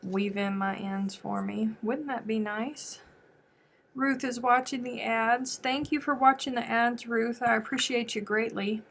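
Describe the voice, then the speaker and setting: A woman's voice: fairly high pitch, steady tone, unhurried, creaky, a bit bright, a little hiss or hum. Chatty american woman crafting on a livestream. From United States. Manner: chatty, thinks aloud, answers viewer comments. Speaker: crochet livestream host. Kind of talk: casual livestream chat while crafting.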